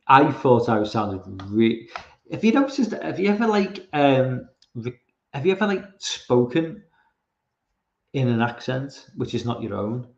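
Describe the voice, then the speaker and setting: A man's voice: mid-range voice, vocal fry. A man who is not American, hosting a casual livestream, rambling and swearing with frequent restarts as he reads chat. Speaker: podcast host reading chat. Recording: roomy, slightly dull sound.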